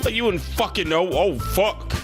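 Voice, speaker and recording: A man's voice: sits high, animated, normal speed. A man voicing a hot-tempered, bratty girl in a game, reading her lines in a snappy way over music. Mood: angry. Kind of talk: reading game dialogue aloud.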